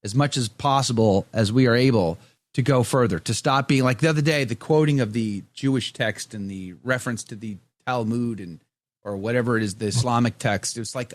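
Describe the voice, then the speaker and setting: A male live-stream host chats casually with a mid-range, brisk voice and no echo. He reads viewer comments aloud and talks candidly and conversationally, often restarting his sentences.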